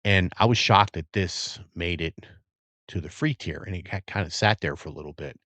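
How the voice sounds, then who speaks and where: A man with a very low voice chats casually on a live stream, rambling and savoring each sip as he talks. His sound is dry and close, with no room around it. He is middle-aged and from the Virginia area. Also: normal speed, no room sound. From Virginia area, USA. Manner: relaxed, rambling, savoring and reacting to sips. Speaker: bourbon livestream host.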